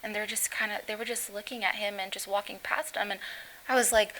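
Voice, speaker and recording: A middle-aged woman, the mother of an injured teenager, recounting the accident in an interview, halting and breaking up as she speaks. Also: medium pitch, flat delivery, sharp tone, low-quality recording. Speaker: guest, mother of injured teen.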